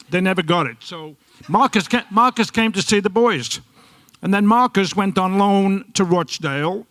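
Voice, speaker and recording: A man's voice: a little high, a bit bright, no echo. A man speaking at a tribute night, telling anecdotes about former players and repeating words as he goes. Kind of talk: speech at a tribute event.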